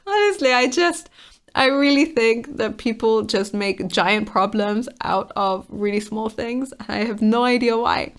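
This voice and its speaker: A woman's voice: fairly high pitch, takes it slowly, long pauses. A woman casually reading online comments aloud and reacting to them with frank exasperation.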